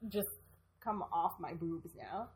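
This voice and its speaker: A woman's voice: lowish voice, takes it slowly, darkish tone, slight background noise. A woman in casual podcast chat, teasing and swearing freely. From Canada.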